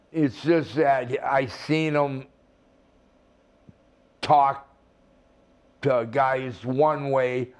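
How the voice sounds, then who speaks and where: An older man, a retired wrestler, telling rambling stories with laughs and restarts in a casual interview. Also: mid-range voice.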